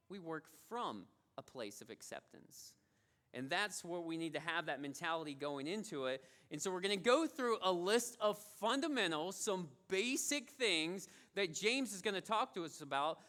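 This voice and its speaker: A man's voice: sits high, bright, forceful tone. A male pastor giving a sermon in a conversational storytelling way, repeating his key phrases for emphasis.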